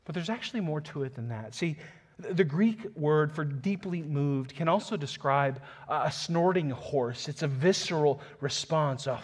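Pastor, male, slightly high voice, earnest sermon delivery that swells into passionate emphasis. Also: slightly rough. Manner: reads scripture aloud, chuckles softly.

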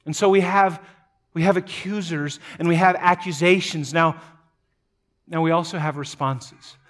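A man delivering a sermon with a somewhat high voice. He retells a scripture story with dramatic swings, building to loud emphatic peaks and then dropping to hushed, low asides. He often doubles up words as he goes. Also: fairly even intonation, measured pace. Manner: repeats words as he speaks. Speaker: pastor.

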